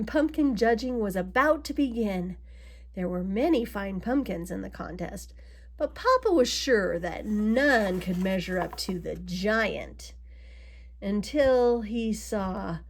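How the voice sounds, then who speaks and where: A woman reading a children's picture book aloud, adding gentle asides to her young listeners. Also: medium pitch. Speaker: storybook reader.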